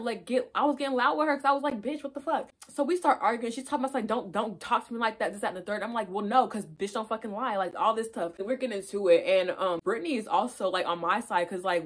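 A woman vlogger chatting through a storytime while getting ready, swearing freely and acting out what people said. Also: mid-range voice. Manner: animated, swears a lot, acts out quotes. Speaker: beauty vlogger.

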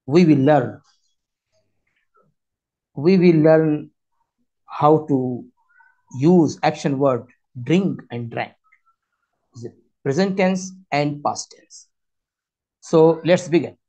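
A man teaching a spoken language lesson, with slow, repetitive, halting phrasing. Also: fairly high pitch, a little mellow. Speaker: Arabic teacher. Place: Qatar.

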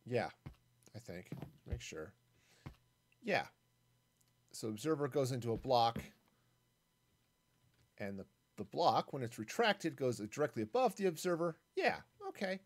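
A man's voice: medium pitch, sing-song, measured pace, pauses often. A man streaming a game solo, giving casual, rambling commentary as he builds, thinking aloud with self-mocking jokes and asides.

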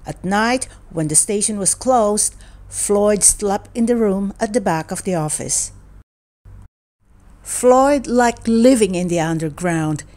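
A woman narrating a children's picture book read-aloud in a slow, deliberate manner. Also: medium pitch, darkish tone. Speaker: storybook reader.

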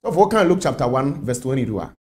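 A man's voice: mid-range voice, sing-song, quick pace, darkish tone. A man from Ghana, a spiritual leader, answering interview questions emphatically and repeating his phrases.

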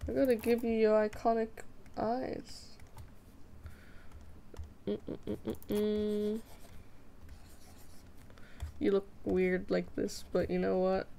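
A woman's voice: mid-range voice, fairly even intonation, slow, creaky, long pauses, darkish tone, clean tone. A young woman chatting casually with viewers while drawing on a live stream, playful, giggly and self-mocking. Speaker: streamer drawing fan art.

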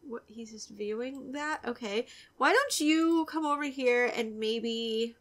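A chatty young woman talks through her game in a casual, giggly way, her voice sitting a little high. She often sinks into a soft, breathy near-whisper. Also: slow. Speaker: gaming video creator. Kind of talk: casual let's-play commentary.

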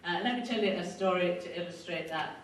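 A woman's voice: on the low side, brisk, a little hiss or hum. A woman giving an earnest storytelling lecture, acting out the voices she quotes. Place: lecture hall. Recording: echoey hall, distant mic, faint ambience.

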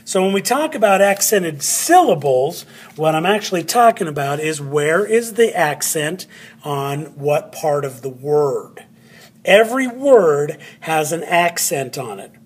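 A man's voice: fairly high pitch, slightly rough. A man teaching a phonics lesson at a board, repeating words and spelling them out letter by letter. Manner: slow, drawn-out words, spelling letters aloud; repeats words to stress syllables.

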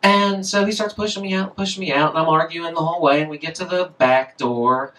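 Fairly quick, a little high, and sharp in tone, an author's voice is captured from far off at an indoor live reading. He tells a story from memory in a rambling, casual, profane way loaded with fillers.

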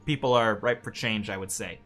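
A man's voice: fairly low pitch, a little fast, a bit bright, faint music behind. Laid-back man streaming a strategy game. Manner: swearing, laid-back, stumbling over names. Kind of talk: casual chat, reading game text aloud.

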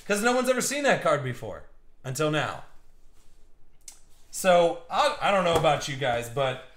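A man in his thirties hosting a live card break stream, excited and joking with viewers. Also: fairly high pitch, normal speed. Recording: echoey room.

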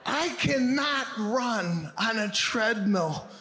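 A man's voice: very high-pitched, lively intonation, slow pace. A man telling a stand-up story in an exasperated way. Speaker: stand-up comedian. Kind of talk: stand-up set. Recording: echoey stage with audience noise.

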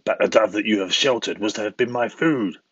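A man's voice: on the low side, brisk, fairly bright tone, breathy edge, no room sound, lo-fi sound. A man voicing a fierce, proud male eagle in a storybook tale, speaking in a mocking, demanding way.

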